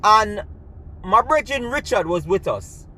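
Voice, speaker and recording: A man's voice: high voice, expressive, a little slow, pushed and bright. A man with a Jamaican accent telling a personal story in a chatty way, mixing in patois and often asking "you see me?". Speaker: storyteller, gymnastics coach.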